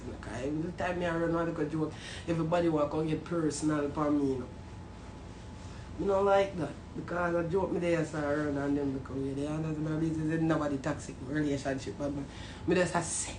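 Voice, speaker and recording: A woman with a Jamaican accent ranting casually and profanely to her viewers, half joking, turning from mumbled apologies to loud outbursts. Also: deep voice, fairly quick. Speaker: vlogger. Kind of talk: casual comedic rant to viewers. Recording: roomy echo, faint background noise.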